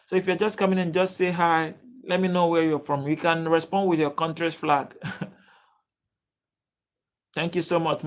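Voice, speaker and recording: Nigerian male stream host, casual and talkative, fairly high voice, keeps welcoming chat. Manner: chatty, greets viewers by name, reads chat aloud. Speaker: livestream host.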